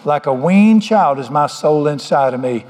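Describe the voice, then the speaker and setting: A man's voice: on the high side, expressive, normal speed, darkish tone. A middle-aged man preaching a sermon, folksy and joking as he tells stories. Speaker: pastor. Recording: long hall reverb.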